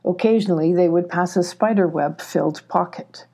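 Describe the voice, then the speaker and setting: A woman reading a children's adventure audiobook in a measured, gentle storytelling manner. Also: lowish voice. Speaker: audiobook reader. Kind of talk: scripted audiobook narration.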